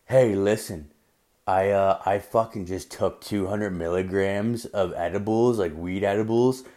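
A man's voice: mid-range voice, fairly even intonation, lightly acted. Man doing a stoned, dazed coworker girl. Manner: slow, mumbly, dazed.

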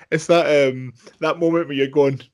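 A man's voice: on the high side, fairly even intonation, measured pace, a little mellow. A man chatting casually, rambling with many fillers and laughing easily. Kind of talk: casual chat.

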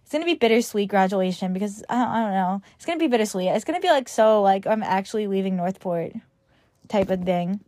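Talking fast with lively intonation, a teen podcast host from Long Island, New York, rambles casually and sprinkles "like" all through her speech. Her voice is medium in pitch and a little mellow, recorded at studio quality with no echo.

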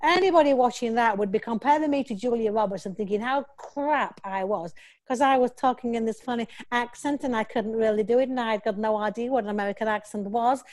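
A woman's voice: a little high, brisk. A woman actress talking in a casual interview, rambling and restarting as she tells stories. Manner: rambling, restarts often, animated storytelling.

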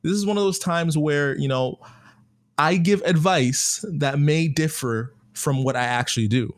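A young man hosting a podcast in a casual, joking monologue, full of slang and animated storytelling. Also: on the high side, unhurried, no room sound, studio quality. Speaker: podcast host.

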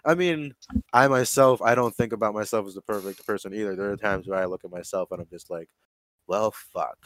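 A man chatting casually and swearing freely, telling stories in an animated way with plenty of "like.". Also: lowish voice, fast talker, no room sound. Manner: profane, animated storytelling full of "like". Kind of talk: casual chat.

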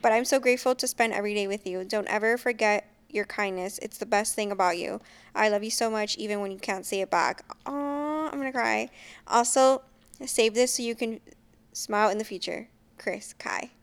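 Soft, hesitant young woman chatting. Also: mid-range voice, fairly even intonation, brisk, smooth. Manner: soft-spoken, hesitant, with many ums. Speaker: co-host. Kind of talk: casual chat.

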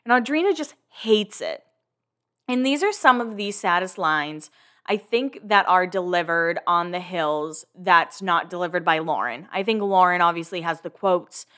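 A woman's voice: lowish voice, expressive, moderate pace, bright, forceful tone. A woman hosting a casual recap podcast, chatty and filler-heavy, with the odd swear word. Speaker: podcast host.

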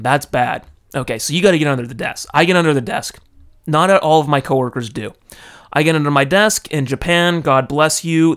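A man from California, animated and dramatic, telling a personal story into a close microphone. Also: mid-range voice, creaky. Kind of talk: casual storytelling monologue. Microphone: close studio microphone.

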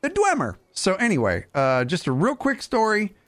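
A man hosting a casual gaming podcast, animated and jokey, with quick asides. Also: high-pitched. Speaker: podcast host.

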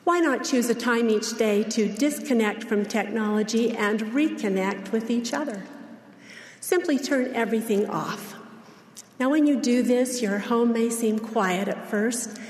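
Woman, church speaker, gentle measured sermon, reverberant hall. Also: fairly high pitch. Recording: echoey large hall.

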